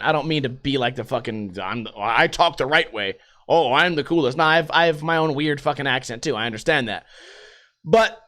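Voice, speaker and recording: A young man hosting a podcast, ranting in a casual, profane, rambling way. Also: sharp tone. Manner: profane, rambling, swings pitch for emphasis. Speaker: podcast host. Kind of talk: casual rant.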